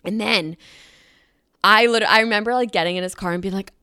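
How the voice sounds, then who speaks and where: Bright chatty young woman storyteller. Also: mid-range voice, brisk, clean tone, no room sound, studio quality. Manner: chatty, filler-heavy with frequent "like"; animated, acts out quoted voices. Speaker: vlogger. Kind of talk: casual storytelling.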